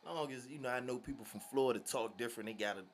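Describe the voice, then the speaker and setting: Animated man telling stories. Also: medium pitch, very fast. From Virginia. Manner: animated, slangy, laughing storyteller. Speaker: vlogger. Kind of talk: casual storytelling.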